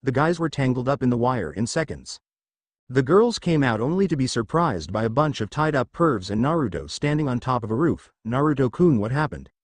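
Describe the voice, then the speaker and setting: A man reading out a fan-fiction story as scripted narration, with a lively, animated delivery. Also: mid-range voice, a little fast, no echo.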